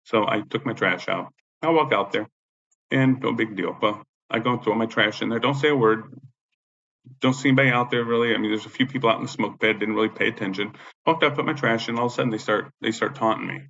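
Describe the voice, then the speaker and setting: A man's voice: fairly low pitch, quick pace, creaky, a bit bright. A man who is a disabled veteran telling a long personal story in a rambling, profane way, often repeating himself, in a dull lo-fi recording. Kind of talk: casual spoken storytelling. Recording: dull lo-fi recording with faint background noise.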